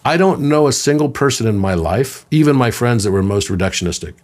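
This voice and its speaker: A man in his fifties, a podcast guest, talking in a conversational, storytelling way, sometimes doing voices for quoted people. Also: fairly quick. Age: 50s. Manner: animated storyteller, puts on high voices for quoted children.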